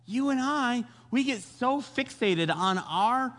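A male pastor preaching a sermon, telling the story in a jokey, animated way and acting out voices. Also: extremely high pitch, takes it slowly, long reverb tail.

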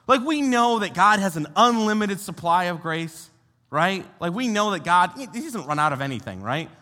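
A young American man, a youth pastor, preaching a sermon in an animated, conversational way and asking his listeners rhetorical questions. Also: high voice, normal speed. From United States. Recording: long hall reverb.

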